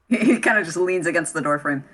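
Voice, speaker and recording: A woman narrating as game master of a tabletop role-play, halting and full of fillers. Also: fairly low pitch, a bit bright, husky.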